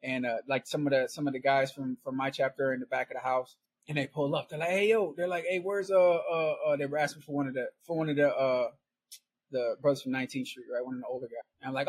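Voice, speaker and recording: A man's voice: medium pitch, steady tone, fast talker, breathy edge. A middle-aged man telling a long, rambling story in casual chat, laughing often and tagging "right?" and "man" onto his lines. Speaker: podcast guest storyteller.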